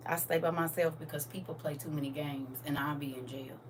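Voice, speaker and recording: A woman's voice: low-pitched, steady tone, normal speed. A middle-aged woman hosting a live stream, telling blunt stories in casual talk. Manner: blunt, storytelling, scolding. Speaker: TikTok live host. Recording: distant from mic with faint noise.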